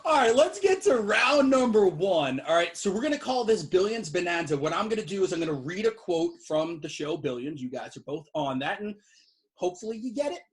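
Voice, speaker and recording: High-voiced upbeat male game host. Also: very animated, brisk. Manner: upbeat announcer introductions. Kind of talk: game show hosting over video call.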